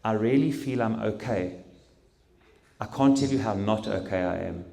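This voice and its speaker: A middle-aged man giving an emotional personal testimony at a talk, speaking haltingly with pauses and restarts. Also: lowish voice, vocal fry, mellow. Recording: roomy hall echo.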